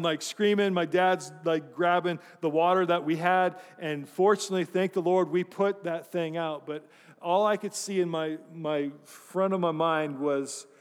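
A man's voice: high voice, long reverb tail. A man preaching a sermon, telling a story with self-deprecating humor and asking his congregation questions. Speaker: pastor.

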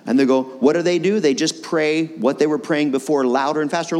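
A man in his fifties from Pennsylvania, preaching a sermon and telling his stories with animated delivery. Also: a little high, fairly quick. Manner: animated storytelling, acts out his own prayers. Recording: long reverb of a large hall.

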